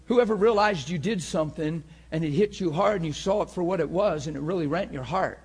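Male preacher, high husky voice, impassioned sermon delivery. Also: brisk. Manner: passionate preaching that swings from shouting to hushed.

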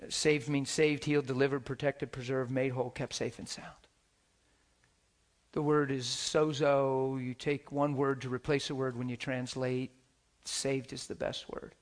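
A man preaching a sermon, telling stories with animated swings from shouts to hushed whispers and laughing as he talks. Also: mid-range voice, a little slow. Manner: laughs while talking.

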